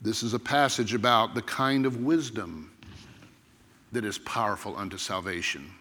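A man preaching a sermon as pastor, earnest and emphatic, with dramatic pauses. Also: on the low side, bright, forceful tone, big-room sound.

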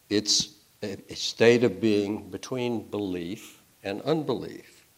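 A man preaching a sermon, telling stories and shifting between loud and soft delivery. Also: on the low side.

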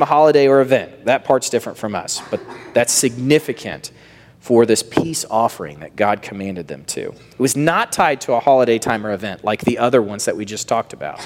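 A man preaching a sermon, swinging from emphatic lines down to hushed, near-whispered phrases. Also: medium pitch. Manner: wide swings of loudness, dropping to near-whisper on key phrases. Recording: long reverb of a large hall.

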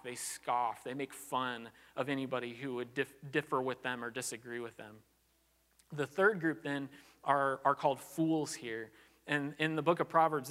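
Earnest preacher in a reverberant hall. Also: male voice, fairly high pitch, fairly bright tone. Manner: earnest, conversational, frequent "like" and restarts. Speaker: pastor. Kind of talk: sermon.

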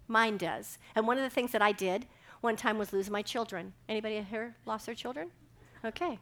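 Woman preaching with lively storytelling. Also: on the high side, normal speed. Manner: animated storytelling, acting out dialogue. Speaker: speaker giving a devotional talk. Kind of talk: sermon with personal storytelling.

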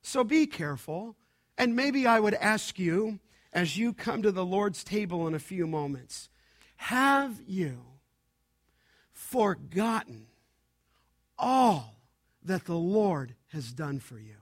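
A man with a high voice preaches a sermon at an unhurried pace. He leans on each phrase with weight and rises at times into loud, emphatic declarations. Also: sing-song. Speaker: pastor.

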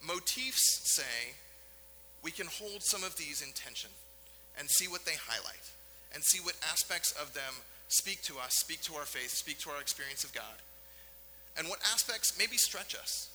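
Earnest high-voiced male preacher, bright tone. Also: animated, big-room sound, a little hiss or hum, poor audio. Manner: earnest, emphatic preaching with dramatic pauses. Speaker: pastor. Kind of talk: sermon. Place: church sanctuary.

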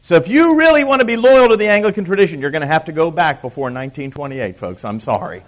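A man's voice: fairly high pitch, animated, fast talker. Emphatic man lecturing a live class. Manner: emphatic, repeats key points, asks the audience questions; dry teasing asides to listeners. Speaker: church history lecturer.

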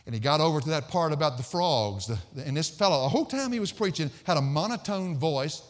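A man's voice: fairly high pitch, animated, fast talker. Emphatic preacher man in a reverberant hall. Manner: emphatic, storytelling, repeats phrases for stress. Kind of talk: expository sermon.

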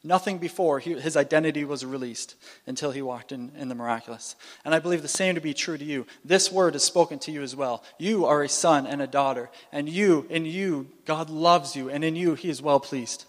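A fairly high-voiced man preaches with animated energy, often stopping to restart and repeat a phrase. His voice rings out with a long reverb, as if in a large hall. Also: a little fast. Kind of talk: sermon.

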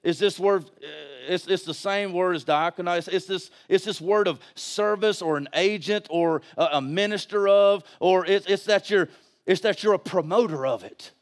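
A man preaching a sermon on a church stage, repeating phrases and firing rhetorical questions, swinging from shouts to hushed tones. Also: sits high, normal speed. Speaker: pastor.

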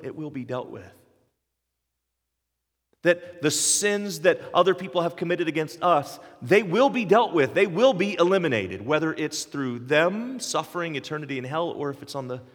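A man's voice: a little high, big-room sound. A man in his forties preaching a sermon, earnest and emphatic, building up with repeated phrases. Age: 40s. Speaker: pastor.

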